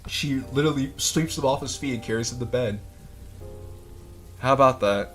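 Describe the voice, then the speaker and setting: A man hosting a gaming channel, giving casual let's play commentary, excitable and quick to swear as he reacts. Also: mid-range voice, soft background music.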